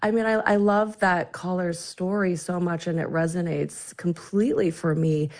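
A woman's voice: lowish voice, steady tone, moderate pace, a little mellow. A woman in her forties, an author being interviewed on the radio, telling a personal family story in an earnest, reflective way with frequent restarts. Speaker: author and guest.

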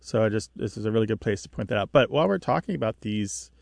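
A man's voice: fairly low pitch, animated, fast talker, gravelly, dry recording, clean studio sound. A man co-hosting a call-in radio show about language, patiently explaining dialect differences with vivid comparisons. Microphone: studio mic.

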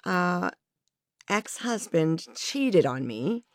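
A woman's voice: lowish voice, very animated, very slow. A woman being interviewed, speaking frankly and reflectively about her own life in a candid conversation. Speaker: interview guest.

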